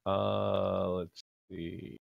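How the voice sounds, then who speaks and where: A man's voice: low voice, level tone, drawn-out words, creaky, no room sound, narrow, tinny audio. A man playing a sci-fi tabletop game, offhand and joking. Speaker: player.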